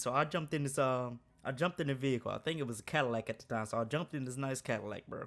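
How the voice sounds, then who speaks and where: A man's voice: medium pitch, quick pace. A man telling a work story in a casual, slangy way, laughing often.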